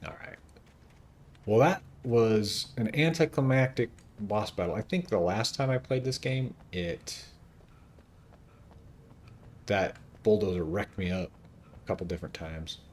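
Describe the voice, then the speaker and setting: A man streaming a video game, chatting casually and joking as he thinks out loud. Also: lowish voice, animated, unhurried, pauses often. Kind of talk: casual gameplay commentary.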